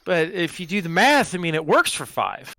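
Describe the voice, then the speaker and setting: A man voicing an eager young man who poses as a new recruit, bluffing and excitable. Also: fairly high pitch, moderate pace, vocal fry, no room sound, heavily acted. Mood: wheedling.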